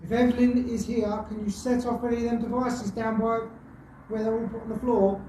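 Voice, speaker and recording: A nervous, jumpy man with a high voice who swears when startled. He calls out to spirits and chats to viewers while hunting for ghosts in an old prison. His voice echoes off hard walls over a faint hum of ambience. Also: flat delivery, brisk, warm tone. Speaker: paranormal investigator vlogger. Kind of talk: casual commentary to camera and calling out to spirits. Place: old prison building indoors.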